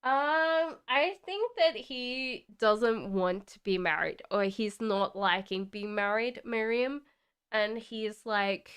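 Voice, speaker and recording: A woman's voice: medium pitch, a bit bright, clean tone. An Australian woman giving tarot readings on a live stream, chatting and answering viewer questions reassuringly. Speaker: tarot reader.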